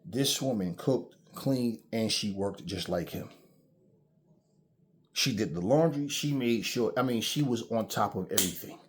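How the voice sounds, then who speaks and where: On his own channel, a man with a lowish voice rants casually about relationships, telling stories in a blunt, profane, preachy way. He takes his time, and there's slight background noise.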